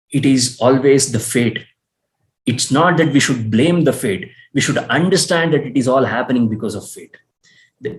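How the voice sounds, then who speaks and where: A man's voice: medium pitch, rough recording. A man telling an epic as a lecture, earnest and repeating points for emphasis. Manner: earnest, repetitive emphasis, occasional restarts. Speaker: storyteller and teacher. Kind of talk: explanatory storytelling lecture.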